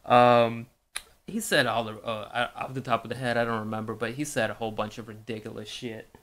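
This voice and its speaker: A man co-hosts a casual sports podcast in a measured, easygoing manner. His voice sits at an ordinary middle pitch. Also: fairly even intonation, a bit bright. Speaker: podcast co-host. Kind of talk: casual chat.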